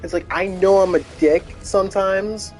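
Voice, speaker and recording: A man's voice: sits high, steady tone, moderate pace, a little mellow, faint music behind. Rambling man chatting on a game stream. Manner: rambling, full of restarts and fillers. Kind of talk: casual gaming stream chat.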